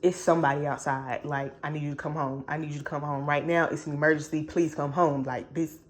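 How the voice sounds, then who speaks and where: Brief: woman doing a scared young wife, low and hushed, frantic. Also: fairly even intonation, fast talker, lightly acted. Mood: panicked.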